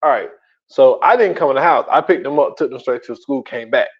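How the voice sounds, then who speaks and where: A man co-hosting a podcast in casual chat, telling stories in loose, slangy, animated speech. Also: mid-range voice, brisk, slightly rough. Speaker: podcast co-host. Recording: dull lo-fi audio.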